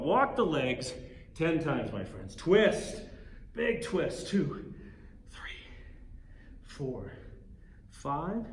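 A man leading a guided yoga class as instructor, giving calm cues with playful, joking asides. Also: on the high side, slight background noise. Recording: echoey room with faint ambience.

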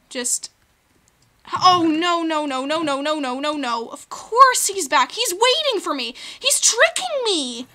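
A woman's voice: very high voice, sing-song, slow pace, pushed and bright. A woman hosting a video game let's play, chatting playfully and talking to the creatures on screen. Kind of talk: gaming commentary.

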